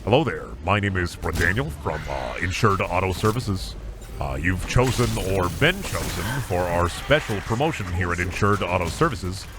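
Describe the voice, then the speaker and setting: A man putting on a smooth, slick car-warranty telemarketer with a sales patter. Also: sits low, lively intonation, moderate pace, voice pushed down.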